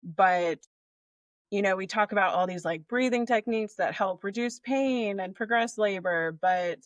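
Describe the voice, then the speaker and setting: A woman's voice: mid-range voice, normal speed, no echo. A woman doula with a slight Southern American accent, talking casually in a podcast interview with lots of fillers. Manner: casual, many fillers like 'like', expressive. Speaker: doula and birth educator.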